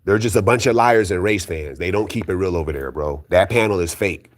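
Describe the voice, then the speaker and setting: A low-pitched man talking fairly quickly rants on his own about boxing for his YouTube commentary channel. His delivery is profane, blunt and repetitive, and he insistently pushes back against his critics again and again.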